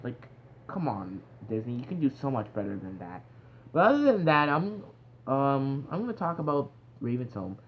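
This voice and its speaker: A young man giving a casual spoken review, animated and exclamatory, full of "like" fillers. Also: medium pitch, moderate pace. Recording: dull lo-fi sound with faint background noise.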